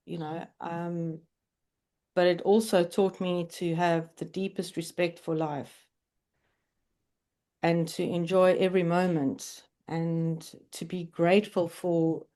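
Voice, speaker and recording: Woman in her forties, lowish voice, podcast guest, candid and earnest personal storytelling. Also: fairly even intonation, a little slow, dark tone. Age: 40s.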